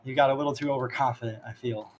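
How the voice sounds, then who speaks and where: A man's voice: medium pitch, steady tone, racing, a little hiss or hum. A man narrating a tabletop game as dungeon master, rambling with laughing asides.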